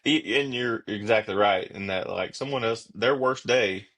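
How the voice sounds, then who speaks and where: A man who is a police officer and podcast guest, explaining his views in a steady, reflective way. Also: lowish voice, normal speed. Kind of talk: casual conversational interview.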